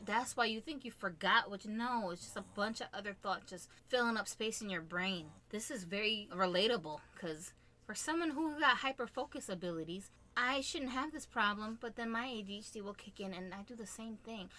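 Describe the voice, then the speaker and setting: A woman co-hosting a casual podcast chat, playful and teasing, quick to giggle. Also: medium pitch, pushed and bright. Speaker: podcast co-host.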